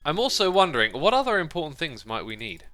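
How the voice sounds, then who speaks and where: A man's voice: on the high side, very animated, fast talker, pushed and bright, soft background music. A man hosting a casual gameplay livestream, chatty and playful, easily sidetracked as he talks to his viewers. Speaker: livestream host.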